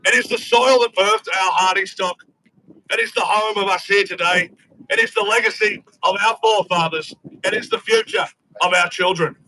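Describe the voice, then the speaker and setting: A man's voice: high voice, very animated, moderate pace, sharp tone, slight background noise, low-quality recording. An Australian man giving a grand, rhetorical rally speech outdoors, building on repeated phrases. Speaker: rally speaker and chant leader.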